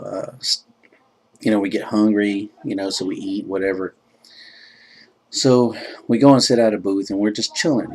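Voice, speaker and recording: A man's voice: lowish voice, darkish tone. A laid-back man casually telling a rambling personal story, filled with "you know" and self-described joking.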